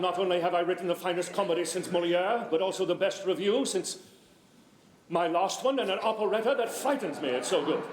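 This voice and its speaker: An actor playing a flamboyant, self-adoring middle-aged English playwright on a theater stage, with theatrical, grandiloquent delivery. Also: male voice, high voice, slight background noise, close to an everyday voice. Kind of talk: stage comedy acting. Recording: roomy theater stage sound.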